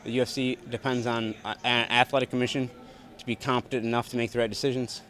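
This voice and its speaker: Fast-talking blunt profane young man. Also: mid-range voice, little pitch movement, a bit bright. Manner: blunt, profane, rapid and repetitive. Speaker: fighter at post-fight press scrum. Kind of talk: post-fight interview answers. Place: arena backstage press area.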